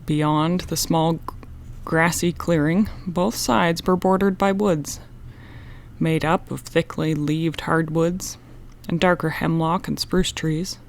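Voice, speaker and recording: A woman narrating a children's mystery audiobook in a steady, expressive reading. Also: on the low side.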